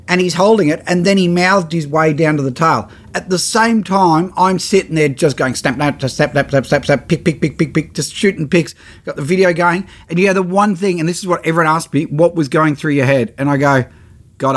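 Man telling a wild story. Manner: lively, exaggerated, acts out quotes with big pitch jumps. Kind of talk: animated anecdote.

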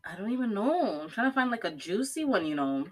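Lively young woman podcast host. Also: on the high side, fairly quick. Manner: reads out text dialogues in a flat voice, laughs often. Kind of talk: casual chat.

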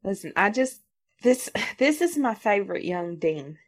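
A woman's voice: mid-range voice, sing-song, unhurried. Foul-mouthed woman chatting on a podcast. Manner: swears freely, laughs often, acts out quoted voices. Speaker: podcast co-host. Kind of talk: casual chat.

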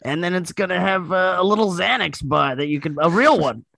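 A man doing a comic impression of a laid-back young male comedian, raspy and halting, full of fillers. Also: sits high, lively intonation, bright, forceful tone, dry recording, full character voice. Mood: deadpan. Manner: halting, full of "uh" and "you know".

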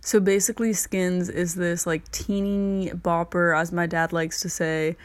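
A woman's voice: fairly low pitch, level tone, unhurried, no echo. A teenage girl hosting a casual solo podcast, rambling with constant "like" fillers. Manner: rambling, heavy use of "like" fillers. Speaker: podcast host.

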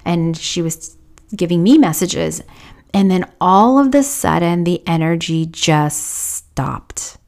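Gravelly-voiced woman podcast host. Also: on the low side, animated, slow. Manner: confessional, quoting others in hushed whispers. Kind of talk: personal storytelling.

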